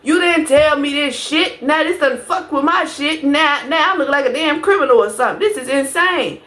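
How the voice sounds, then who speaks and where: A woman's voice: sits high, normal speed. A woman telling a storytime to her viewers, casual and profane, talking to them directly. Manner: profane, animated, addresses viewers as y'all.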